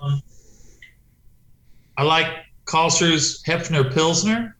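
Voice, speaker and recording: A man tells road stories in a loose, rambling way, swearing freely and slipping into voices for the people he quotes. His voice sits a little high and sounds bright and forceful. The sound is roomy, with a clear echo. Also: slow. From United States. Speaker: touring punk musician guest. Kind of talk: casual storytelling chat.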